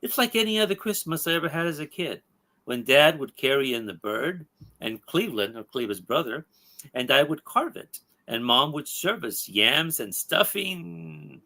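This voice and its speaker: A man's voice: a little high, lively intonation, moderate pace, gravelly, bright, forceful tone, pitched above the performer's own voice, heavily acted. A man reading aloud the lines of a bitter dead circus performer turned ghost hero, indignant and self-pitying. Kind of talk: read-aloud comic dialogue.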